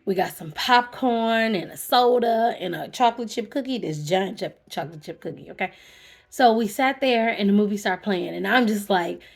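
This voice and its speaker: A woman who works as a therapist talks to camera in a casual, animated way, telling a personal story. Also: mid-range voice, normal speed, gravelly. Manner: animated, conversational, acts out her own reactions. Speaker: vlogger.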